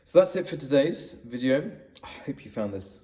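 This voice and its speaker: A man's voice: mid-range voice, sing-song, normal speed, mellow, distant mic. A man giving conversational business advice straight to the camera, often restarting and repeating words for emphasis. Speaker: business coach. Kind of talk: direct-to-camera advice video.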